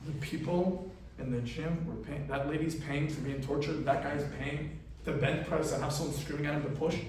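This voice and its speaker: Baffled male alien visitor as a preacher puts him on: earnest, pleading questions, a fairly high voice, heard from far off in a very echoey hall. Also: fairly even intonation, a little fast, noisy background, close to an everyday voice. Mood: disbelieving. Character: bewildered male alien visitor, curious and easily shocked.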